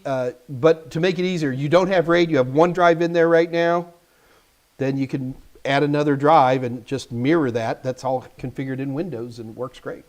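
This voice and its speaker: A man with a fairly high-pitched voice hosts a live stream, joking casually as he answers viewers' tech questions and speaks directly to the chat.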